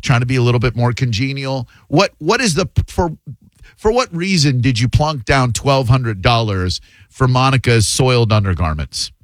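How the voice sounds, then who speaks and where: A man's voice: mid-range voice, expressive, moderate pace, no room sound. A man hosting a call-in radio show, teasing callers in a mock-formal way. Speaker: radio host. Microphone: studio microphone.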